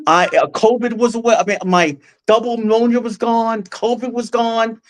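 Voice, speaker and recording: Halting, emotional man telling his story. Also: very high voice, fairly even intonation. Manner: halting, full of restarts and fillers; earnest and emotional. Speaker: guest. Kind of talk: casual personal storytelling. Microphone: close podcast mic.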